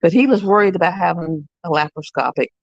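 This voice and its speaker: A woman's voice: fairly low pitch, quick pace, creaky, no echo. A woman hosting a live stream, talking in a rambling, chatty way. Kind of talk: casual live-stream chat. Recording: dull, dry lo-fi sound.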